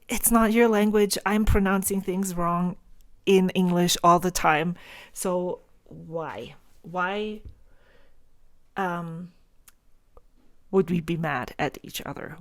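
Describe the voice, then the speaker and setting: A woman in her forties with a German accent, explaining pronunciation in a casual vlog and sounding out words slowly. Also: medium pitch, no echo, clean studio sound. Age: 40s. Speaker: stationery vlogger.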